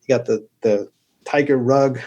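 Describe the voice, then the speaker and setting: A man's voice: mid-range voice, a little slow, dark tone, lo-fi sound. A man, a medical guest on a podcast, explaining things at length and livening them up with jokey stories. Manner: explanatory, tells joking stories. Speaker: urologist guest. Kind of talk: podcast interview.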